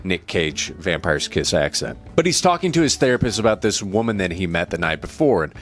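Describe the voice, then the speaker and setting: A man's voice: low-pitched, lively intonation, fairly quick, a bit bright. A man recapping a film as a casual movie reviewer, in a blunt, irreverent way with the odd swear word.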